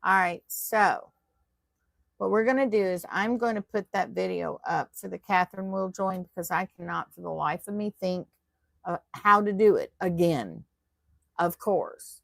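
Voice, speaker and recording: A woman leads a live online tatting lesson, chatting with her viewers and poking fun at her own slips as she works. Her voice is low and heavily gravelly. It is recorded close and dry, with no room sound. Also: unhurried, no room sound. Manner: chatty, self-deprecating, talks to viewers while working. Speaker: tatting teacher. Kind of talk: live online craft class.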